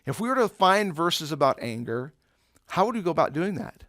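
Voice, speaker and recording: A man teaching the Bible to students keeps things casual and conversational, asking rhetorical questions and drawing on everyday examples. His voice sits a touch high and his pace is brisk. It's a close, dry recording with no echo or room sound.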